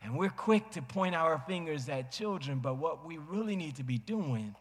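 A man preaching a sermon as a pastor, telling a family story dramatically and acting out voices with big swings in pitch. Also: lively intonation, normal speed. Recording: long hall reverb.

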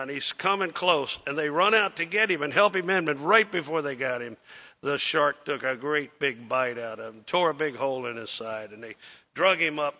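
A man's voice: fairly high pitch, sharp tone. A man preaching to a congregation, telling a folksy, rambling story with plenty of fillers and acting out the characters' lines. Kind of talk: sermon storytelling.

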